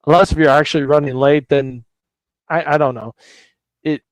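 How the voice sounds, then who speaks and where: A man's voice: a little high, steady tone, moderate pace, dry recording, low-quality recording. A man on a casual podcast panel, rambling and restarting his sentences. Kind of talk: casual chat.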